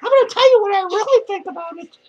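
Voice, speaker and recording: A man talks fast in a very high voice, playing a foul-mouthed, lonely woman clown who reviews movies. She rants in annoyance, cursing and laughing between lines, all for comic effect. The recording sounds dull.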